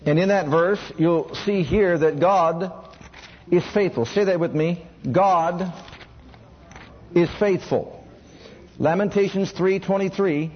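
A man's voice: high voice, slow, long pauses, muffled recording, a little hiss or hum. A man preaching a sermon who keeps asking the congregation questions and has them repeat lines back to him.

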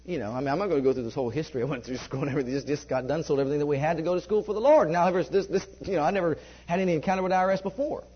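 A man preaching in a conversational storytelling way, animated and laughing often as he gives a testimony. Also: fairly high pitch, racing, husky. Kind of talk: sermon storytelling. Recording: dull lo-fi recording.

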